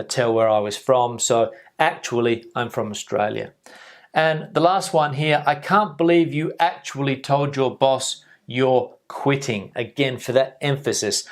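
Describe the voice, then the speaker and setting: A man at an everyday middle pitch gives an English vocabulary lesson. He repeats each example sentence slowly and patiently, checking in with his viewers as he goes. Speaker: English teacher. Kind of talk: video lesson explaining vocabulary.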